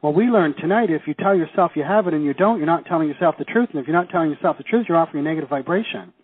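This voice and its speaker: With a rapid-fire delivery and a voice on the high side, a middle-aged Canadian man teaches a live seminar. He enlivens it by posing questions to the class and acting out the reactions he describes, over tinny, phone-like sound.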